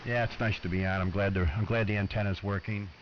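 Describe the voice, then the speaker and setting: A man's voice: on the low side, steady tone, quick pace. A man chatting cheerfully on ham radio, joking and hesitant. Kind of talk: casual on-air radio chat. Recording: muffled amateur radio audio, clear static.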